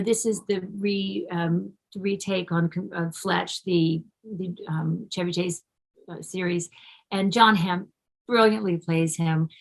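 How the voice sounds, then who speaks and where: A woman's voice: medium pitch, vocal fry, fairly bright tone, poor audio. A middle-aged actress being interviewed, talking effusively and casually, often restarting her sentences.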